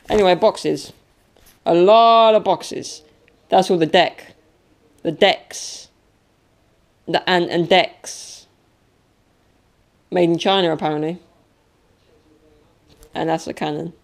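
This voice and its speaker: A man's voice: a little high, steady tone, takes it slowly, vocal fry, pauses often. A young man from England chatting casually and jokingly to a handheld camera at home. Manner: joking, playful, makes sound effects. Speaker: vlogger. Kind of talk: casual vlog chat. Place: home, indoors.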